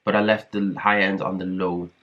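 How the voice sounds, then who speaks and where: A man's voice: low voice, little pitch movement, normal speed, a bit bright, highs cut off. A man hosting a casual music production tutorial, talking in a hesitant way with many fillers and restarts. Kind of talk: casual screen-recorded tutorial.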